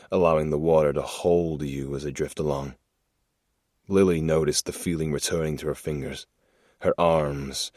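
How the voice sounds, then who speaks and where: A man narrating a crime thriller audiobook in a measured, deliberate storytelling manner. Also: rumbling low, no room sound, clean studio sound.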